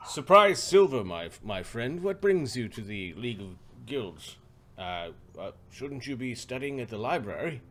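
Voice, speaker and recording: A courteous male official speaks formally and in a measured way, voiced by a man running a tabletop game. His pitch sits right in the middle of the range. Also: very animated, a bit bright.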